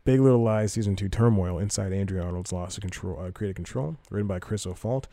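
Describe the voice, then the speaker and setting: A man's voice: sits low, fast talker, warm tone, no room sound. A man hosting a podcast, reading entertainment news aloud and rambling through it with self-corrections and casual asides. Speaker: podcast host.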